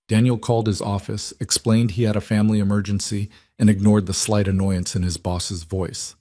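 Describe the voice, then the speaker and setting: Male narrator, scripted story, measured, lowish voice, dry close sound. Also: little pitch movement, dark tone, dry recording.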